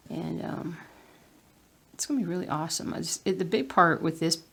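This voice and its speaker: A woman's voice: lowish voice, moderate pace, vocal fry, fairly bright tone, breathy edge. A woman with a Southern US accent chatting casually while she stitches at home, muttering to herself and sometimes dropping into a whisper. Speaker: cross-stitch vlogger.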